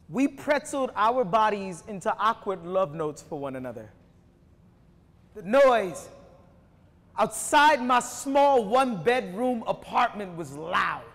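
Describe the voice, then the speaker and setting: A man performing slam poetry before an audience, rhythmic, with emphatic rises between relaxed, joking asides. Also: very high-pitched. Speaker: performance poet. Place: university hall before an audience. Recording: long hall reverb from a live stage.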